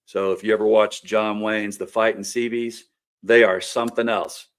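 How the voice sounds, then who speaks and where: A middle-aged man with a Kentucky accent speaks in a lowish voice. He talks plainly and earnestly, like a folksy storyteller hosting his own show. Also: level tone, normal speed, clear, resonant tone. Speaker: host and candidate for local office. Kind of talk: casual campaign talk to camera.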